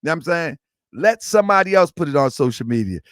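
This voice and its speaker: A man's voice: on the high side, expressive, fast talker, fairly bright tone, clear, resonant tone, no room sound, studio quality. A man hosting his online show, talking in a rambling, repetitive way with lots of slang. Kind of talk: casual livestream talk.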